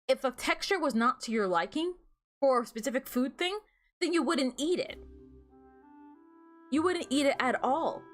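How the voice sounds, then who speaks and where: A woman's voice: high-pitched, lively intonation, moderate pace, pauses often, faint music behind. A young woman streaming a game, chatting casually and giggling, with lots of fillers as she rambles. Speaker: VTuber streamer. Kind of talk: casual gameplay stream chat.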